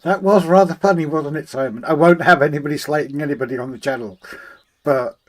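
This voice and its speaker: A man's voice: fairly high pitch, a little fast. Chatty man hosting a livestream. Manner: chatty, greets viewers warmly by name, hums to himself while working. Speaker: livestream host. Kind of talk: casual live chat, reading out viewer comments.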